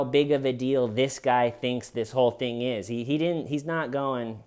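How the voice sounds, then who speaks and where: A man gives casual comedic commentary in a wry, sarcastic tone. His voice sits at an ordinary middle pitch for a man. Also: unhurried, few pauses, darkish tone, smooth.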